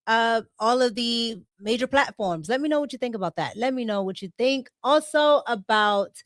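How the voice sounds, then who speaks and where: A woman's voice: a little high, no echo, clean studio sound. A woman hosting a casual livestream, chatting, reading super chats aloud and laughing often. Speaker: livestream host.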